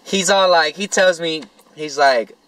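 A man's voice: fairly high pitch, measured pace, a little hiss or hum, low-quality recording. Young man telling a rambling street story. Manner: rambling, profane street slang, animated. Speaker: vlogger. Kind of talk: casual storytelling to camera.

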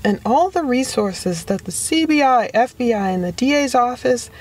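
A woman's voice: on the high side, expressive, normal speed, darkish tone, breathy edge. Woman reading a female defense attorney; pointed, leading cross-examination. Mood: pressing. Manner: pointed questions ending in "right?".

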